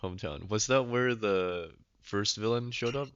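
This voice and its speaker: A man's voice: lowish voice, moderate pace, smooth, no echo. Podcast guy ranting about a comic, laughs constantly, dry muffled sound. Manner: laughs a lot, acts out characters in exaggerated voices. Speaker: podcast co-host reviewing webcomics. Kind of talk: casual chat.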